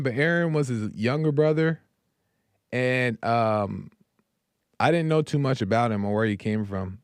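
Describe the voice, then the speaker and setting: Clear-voiced man retelling a story casually. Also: mid-range voice, no echo, clean studio sound. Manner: casual, slangy retelling with fillers. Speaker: host.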